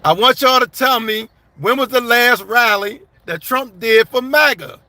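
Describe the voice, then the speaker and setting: A man's voice: very high-pitched, measured pace, bright, forceful tone, no room sound. A man doing casual live-stream commentary, reading viewer comments aloud and answering them bluntly. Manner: blunt, conversational, addresses viewers as y'all and man. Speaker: livestream commentator.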